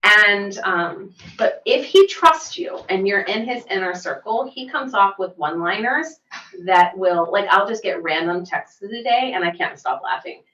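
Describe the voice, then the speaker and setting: A middle-aged woman, a massage therapist and podcast co-host, telling stories in lively casual chat. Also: mid-range voice, normal speed. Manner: animated storyteller, laughs easily. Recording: roomy, distant, dull mic sound.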